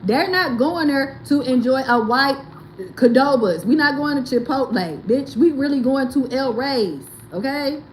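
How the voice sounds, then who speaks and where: A woman's voice: high-pitched, unhurried, slight background noise, poor audio. A woman host, talking bluntly and animatedly, reacting to viewer comments in casual commentary. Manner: blunt, animated, swearing and laughing. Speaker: livestream host.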